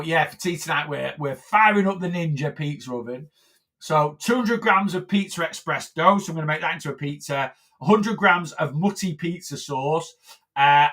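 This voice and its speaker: A man's voice: a little high, fairly bright tone. A man, a weight loss coach, chatting casually on a phone live stream, rambling with lots of fillers and restarts.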